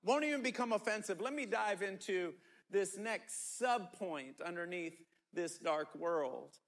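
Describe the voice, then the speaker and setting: A man's voice: high-pitched, lively intonation, unhurried, a bit bright. A middle-aged man preaching a sermon, emphatic and repetitive, often restarting his words. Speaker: pastor.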